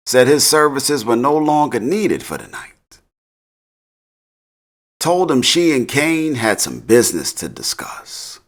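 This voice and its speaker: A man casually recapping a TV episode in slang, laughing often. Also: medium pitch. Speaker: TV recap host.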